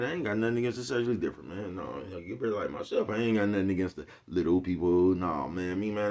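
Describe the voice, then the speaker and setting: A man with a very low voice talks straight to his audience in a casual, meandering monologue. He is slangy and profane, laughs softly between thoughts, and keeps checking in with the same repeated phrase. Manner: repeats a catchphrase, chuckles often, slangy and profane. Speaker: YouTube host. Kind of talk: casual rambling monologue to viewers.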